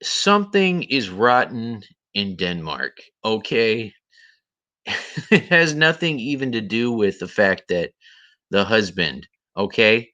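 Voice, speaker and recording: A man hosting a heated commentary livestream rants indignantly and repeats himself, saying his voice is tired. His lowish voice is very animated, slow, bright, and forceful, and the recording is muffled.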